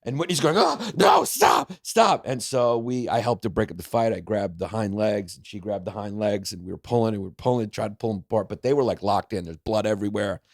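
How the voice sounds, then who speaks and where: A man in his forties, a comedian guest on a podcast, telling stories with quick joking riffs. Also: lowish voice, mellow, dry recording, studio quality. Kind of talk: casual storytelling chat.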